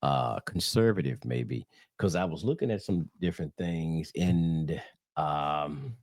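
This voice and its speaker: A man's voice: a bass voice, slow, darkish tone, no room sound, studio quality. A man with a Southern US accent giving a casual religious talk, rambling with fillers and restarts and calling his viewers y'all. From Southern United States. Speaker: religious channel host.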